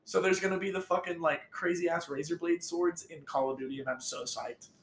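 A young man in casual chat, teasing his friends with deadpan jokes. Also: a little high, brisk, roomy sound, a crowd in the background.

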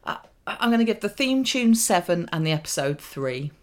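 A woman's voice: lowish voice, big pitch swings. A woman co-hosting a podcast, chatting casually about a cartoon in a jokey way and laughing easily. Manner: jokey, quick to laugh, breaks into silly voices and sing-song riffs. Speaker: podcast co-host. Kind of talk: casual chat reviewing a cartoon.

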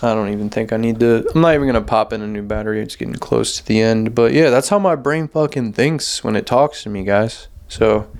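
Young guy on his podcast, rambles a lot, swears constantly, says like and man every few words, mid-pitched voice. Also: creaky. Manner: rambling, profane, heavy on "like" and "man". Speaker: podcast host. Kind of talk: casual monologue.

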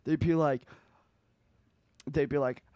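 A man's voice: on the high side, fairly even intonation, takes it slowly, a little mellow, dry recording. A young man co-hosting a podcast, telling a long story in a rambling, profane way with lots of fillers. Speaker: podcast co-host. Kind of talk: casual storytelling chat.

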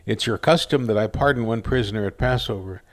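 A man's voice: on the low side, brisk, lightly acted. A man reading as a pressed Roman governor. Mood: pressing. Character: anxious, questioning male Roman governor.

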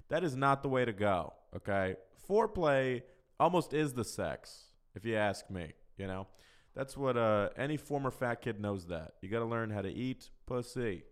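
A man's voice: fairly low pitch, very animated, normal speed. A man hosting a solo podcast, answering listener questions in casual chat, talking frankly and profanely with a rambling, loose flow. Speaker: podcast host.

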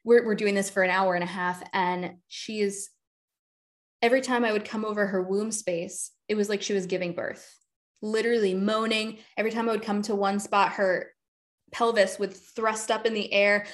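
Woman podcast guest, casual, animated storytelling, mid pitch. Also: moderate pace. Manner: animated, acts out quoted people in a higher voice.

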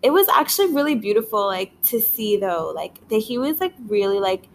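A woman hosting a casual solo podcast, rambling with lots of filler words, swearing and frequent laughter while she is high. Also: sing-song, normal speed, a little hiss or hum. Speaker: podcast host.

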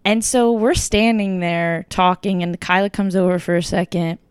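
A woman's voice: on the low side, normal speed, clean tone, no room sound. Chatty young woman telling a story. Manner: chatty, lots of "like" and "kinda", quoting others in lively bursts. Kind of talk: casual storytelling chat.

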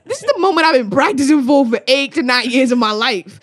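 A young woman, a spoken word poet, telling a story in animated, laughing, swearing casual chat. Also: sits high, a little fast, no room sound, clean studio sound. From Australia.

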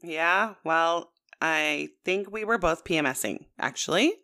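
A woman's voice: low-pitched, animated, a little slow, pushed and bright. A woman in her thirties co-hosting a podcast in casual chat, with a sing-songy way of talking. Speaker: podcast co-host.

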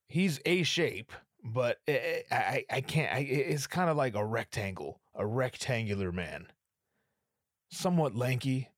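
A man hosts a podcast by himself, rambling through stories and swearing freely. His pitch swings widely as he tells them. The sound is dry and close, with no room around it. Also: no room sound. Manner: rambling, profane, animated storytelling. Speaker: podcast host. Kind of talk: casual monologue.

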